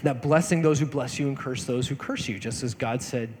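A man's voice: medium pitch, fairly quick, noisy background. A man giving a casual, conversational sermon, retelling scripture in a chatty way and slipping into voices for the characters. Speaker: pastor. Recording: hall reverb.

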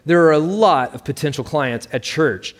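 A man voicing a self-absorbed, ambitious middle-aged mother who talks in a brisk, dismissive way. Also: on the high side, lively intonation, close to an everyday voice. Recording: long reverb.

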